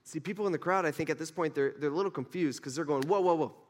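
Guy pastor preaching, kinda high voice, chatty, acts out the lines, long echo off the hall. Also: rapid-fire. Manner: conversational, acts out the characters' lines. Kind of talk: sermon.

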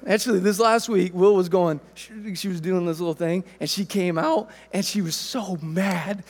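A man in his thirties preaching a sermon, telling a family story in a relaxed, conversational way. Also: high-pitched, moderate pace, long reverb tail. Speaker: pastor.

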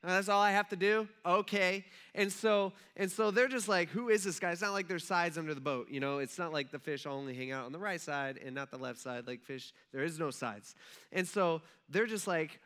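Male pastor, casual storytelling sermon to a congregation, slightly high, bright and forceful tone. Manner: casual, animated storytelling with acted-out asides.

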